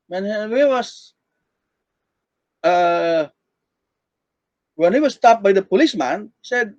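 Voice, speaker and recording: A man's voice: high-pitched, lively intonation, slow, pauses often, no room sound. A man giving an online class lecture, acting out example sentences to show how intonation changes meaning. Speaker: teacher. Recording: dull, lo-fi dry recording.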